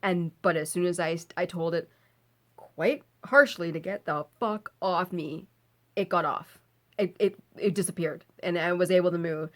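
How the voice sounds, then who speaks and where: A woman vlogger casually telling a personal story, animated, laughing often and swearing as she recounts her fear. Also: on the low side, moderate pace.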